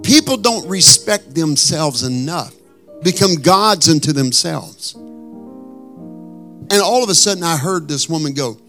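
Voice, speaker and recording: A male pastor preaching a sermon with animated, blunt storytelling and emphatic asides. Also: fairly high pitch, slow, faint music behind.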